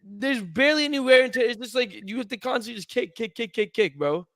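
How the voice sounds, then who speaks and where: A young man with a strikingly high voice co-hosts a casual sports chat, teasing and ranting in animated bursts. The sound is dry and close, with no room around it. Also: fast, no room sound. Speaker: co-host. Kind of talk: casual sports podcast banter.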